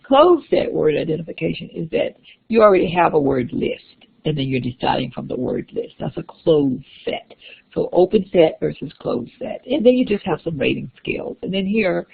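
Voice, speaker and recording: A woman's voice: lowish voice, sing-song, normal speed, gravelly, husky. A woman instructor giving a classroom lecture, explaining step by step with frequent restarts and fillers. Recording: tinny phone-like lecture recording.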